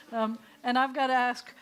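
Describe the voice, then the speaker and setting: A woman rabbi leading a synagogue service, giving friendly instructions and joking quietly with the congregation. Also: a little high. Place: synagogue sanctuary.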